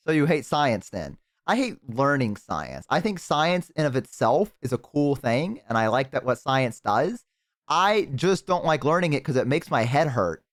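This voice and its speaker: A young man streaming and chatting casually with a friend on a call, excitable and swearing a lot, with sudden high-pitched outbursts. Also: no echo, clean studio sound. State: has the hiccups.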